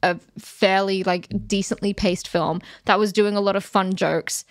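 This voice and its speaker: A woman co-hosting a casual film review podcast, talking in an animated, sassy way and acting out the reactions she quotes. Her voice is recorded close and dry, with her pitch mid-range for a woman. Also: moderate pace, dry recording. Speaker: podcast co-host.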